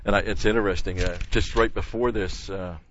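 A man's voice: low-pitched, steady tone, a little fast, a bit bright, muffled recording, slight background noise. An older man teaching a Bible passage verse by verse in a conversational way, stopping to correct himself and leaning hard on key words.

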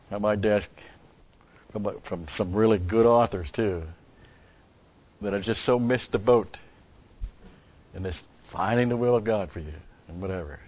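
A man's voice: lowish voice, darkish tone. A man giving a rambling Bible teaching, stressing key words and restarting his sentences. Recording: dull lo-fi recording.

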